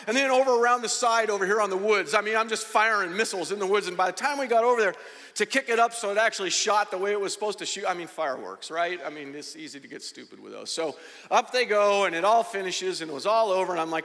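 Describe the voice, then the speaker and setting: Animated high-voiced preacher in a hall. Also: male voice, brisk. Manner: animated, dramatic retelling. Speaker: pastor. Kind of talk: sermon storytelling. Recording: long reverb of a large hall.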